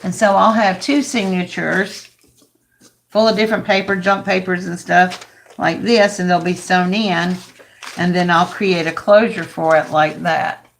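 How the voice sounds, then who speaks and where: An older woman, hoarse and raspy as she loses her voice, chatting casually to her viewers by name while she shows her craft projects on a livestream. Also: lowish voice, steady tone, unhurried, slight background noise.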